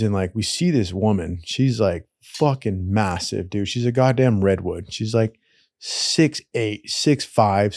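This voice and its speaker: In a clean studio recording with no room sound, a man with a mid-range voice tells wild stories. He's casual, profane and rambling, loaded with slang, asides and plenty of "dude," and animated throughout.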